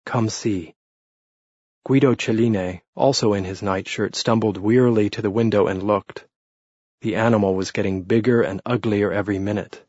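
A man narrating an audiobook in a steady, measured storytelling manner, close to the mic. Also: fairly low pitch, dry recording, lo-fi sound. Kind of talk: scripted narration.

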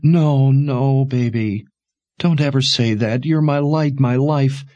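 A man voicing a weary, protective mother who speaks softly and tenderly in a storybook reading. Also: sits low, sing-song, normal speed, no echo, lo-fi sound. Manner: soft, tender.

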